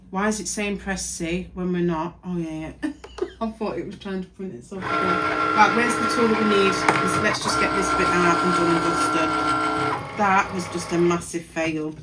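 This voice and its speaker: A woman's voice: fairly low pitch, fairly even intonation, measured pace, very noisy. A tired woman, chatting and muttering to herself while working in her craft studio. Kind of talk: casual crafting vlog narration.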